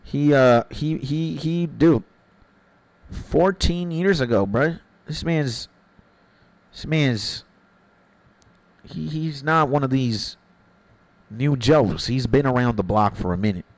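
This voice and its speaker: A man's voice: medium pitch, slow pace, pauses often, dry recording, poor audio. A man streaming a game, chatting loosely with his viewers in a rambling, slangy way. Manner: rambling, slangy, calls chat "bro" and "my G". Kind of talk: casual chat with viewers while gaming.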